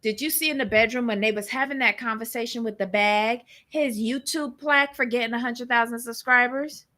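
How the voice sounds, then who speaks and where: A woman's voice: fairly high pitch, steady tone, fairly quick, pushed and bright. A woman co-hosting a live-streamed recap show, greeting her chat and making blunt, sassy remarks. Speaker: co-host.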